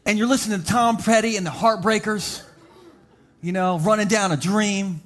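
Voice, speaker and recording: A man preaching a humorous, story-filled sermon to a live church congregation. He jokes, does quick voices for the people in his stories, then slows to a deliberate, emphatic delivery for his main points. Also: sits high. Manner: humorous storytelling, animated voices for quoted characters. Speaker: pastor. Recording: live church service with faint background music.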